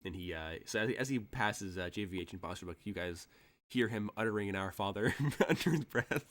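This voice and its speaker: Laughing, rambling game master, lowish voice. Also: male voice, expressive, fairly quick, a bit bright. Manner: rambling, laughing often, many restarts. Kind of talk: narrating a tabletop game.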